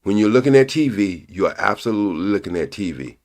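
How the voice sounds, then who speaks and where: Older male stream host, lowish voice, preachy and crude, hammers each point twice. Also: expressive, a little mellow. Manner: preachy, repeats points slowly for emphasis; blunt and profane. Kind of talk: casual live-stream commentary.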